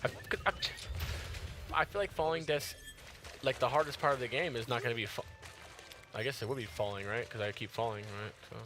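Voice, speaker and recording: A man's voice: medium pitch, fairly even intonation, fast talker, noisy background. A tired man giving slangy live gameplay commentary, yelping and squealing when startled. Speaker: gaming streamer.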